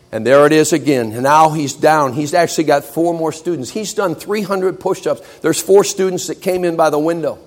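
A man preaching, telling a story and acting out its people, swinging from loud to hushed. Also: a little high. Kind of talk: sermon illustration story.

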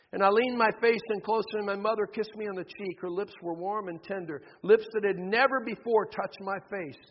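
A man with a high, husky voice delivers a sermon, reading a testimony in hushed tones and then pressing his points emphatically. He speaks in a church sanctuary. The recording is dull and washed in long reverb. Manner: soft, hushed storytelling turning to emphatic preaching. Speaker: pastor. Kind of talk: sermon with read-aloud testimony.

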